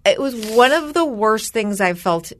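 A young woman co-hosting a podcast, telling a story in casual chat and acting out what others said. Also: moderate pace. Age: young adult. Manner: animated storyteller, acts out quotes with big pitch jumps. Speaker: podcast co-host.

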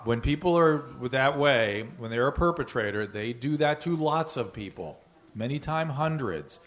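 A man's voice: mid-range voice, animated, moderate pace, a bit bright. A man hosting a live podcast in front of an audience, speaking earnestly with emphasis and authority. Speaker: podcast host. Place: live venue before an audience.

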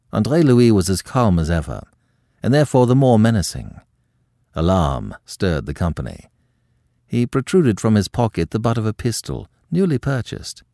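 A male narrator reading a classic novel aloud, his low voice moving expressively through the sentences. Close, dry recording. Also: vocal fry, no echo. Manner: expressive, measured storytelling. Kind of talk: scripted audiobook narration.

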